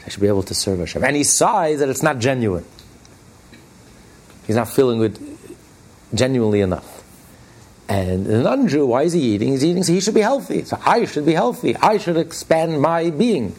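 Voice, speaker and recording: A man's voice: a little high, sing-song, normal speed, pauses often, darkish tone, slightly rough. A man giving a spoken religious lesson as a rabbi. He tells stories in a plainspoken, conversational way and repeats key phrases emphatically, his voice rising on each point. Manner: plainspoken, conversational storyteller with restarts. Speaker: rabbi teaching a Torah class.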